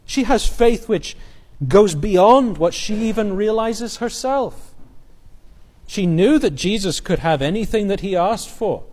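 A man preaching an expository sermon, earnest, building emphasis and quoting scripture in a softer voice. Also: high voice, expressive, a little slow.

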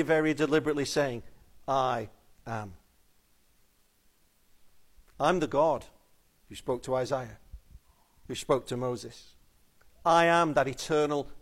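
A man preaching a sermon in an earnest, pleading way, often dropping to a soft, intense tone on key phrases. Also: a little high.

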